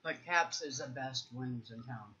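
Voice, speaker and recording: A woman's voice: extremely low pitch, a little slow. A woman, chatting casually at home while her child plays a game. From Ohio, USA. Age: 40s. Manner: chatty, relaxed storytelling. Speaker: parent and channel host. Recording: dull lo-fi home recording.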